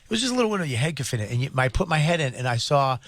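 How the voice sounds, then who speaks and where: A man's voice: mid-range voice, very animated, rapid-fire, a bit bright, no room sound. A middle-aged man, co-host of a comedy talk show, telling crude anecdotes in casual chat and acting out the quoted voices.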